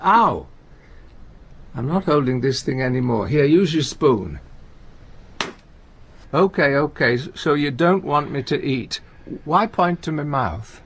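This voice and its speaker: An actor playing a gentle, anxious older comedian in a radio play, talking in halting, stammering restarts. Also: male voice, a little high, lively intonation, slight background noise, exaggerated voice. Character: aging male comedian, gentle, anxious, talkative. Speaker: visiting friend and comedy partner.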